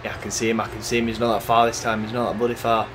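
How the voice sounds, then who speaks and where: A man casually commentating his racing gameplay, chatty and excitable, cursing at the game. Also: fairly low pitch, rapid-fire, heavy background noise. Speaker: gaming YouTuber. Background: game music.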